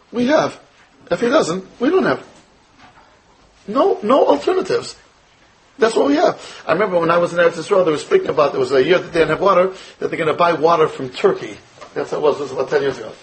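Speaking a little fast and very animatedly, with long pauses, an American rabbi delivers a Torah lecture in a voice on the high side. He poses rhetorical questions to his students and drops in Hebrew and Yiddish expressions, all on a rough recording.

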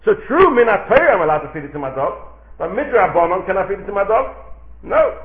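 Man teaching Talmud, lively rising-falling delivery, brisk, over a tinny line. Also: high-pitched. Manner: sing-song questioning, answers own questions. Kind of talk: animated Talmud lecture. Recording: tinny phone-like recording.

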